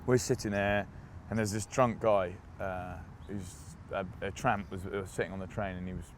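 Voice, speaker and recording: A young man with a fairly low voice, chatting casually and laughing through his stories. He sounds relaxed and animated, recorded outside with a faint hum of street traffic behind him. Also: moderate pace. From England. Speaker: interview guest, rugby player. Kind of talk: casual storytelling interview.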